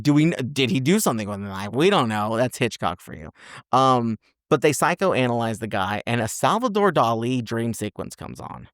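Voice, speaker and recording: A man in his podcast setup tells a film plot with lively, exaggerated character voices thrown in. His voice sits mid-pitch, and the dry, close recording leaves no room sound around him. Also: no echo. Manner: animated storyteller, acts out characters with exaggerated voices. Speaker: podcast co-host. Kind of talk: casual film review chat.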